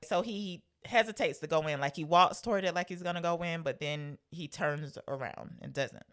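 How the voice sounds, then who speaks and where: A woman co-hosting a podcast, chatting about a film, laughing often and firing off quick questions. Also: deep voice, fairly bright tone. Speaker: podcast co-host. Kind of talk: casual movie discussion.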